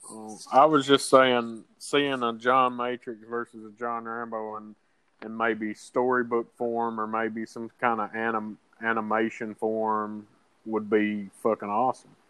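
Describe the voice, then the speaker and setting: A man hosting a podcast in casual chat, halting and restarting, swearing casually. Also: on the low side, flat delivery, fairly bright tone, smooth, no echo, poor audio. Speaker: podcast host.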